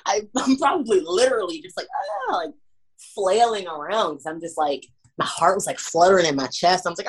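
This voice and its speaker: A young woman with a Washington D.C. accent, a pro wrestler talking casually in an interview, animated and laughing often as she acts out moments. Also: lowish voice, a little fast.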